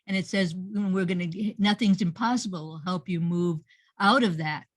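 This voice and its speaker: A woman's voice: lowish voice, normal speed, no room sound. A woman hosting an online workshop over a video call, praising participants effusively and often repeating her words. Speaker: workshop host and teacher. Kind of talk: encouraging group workshop feedback.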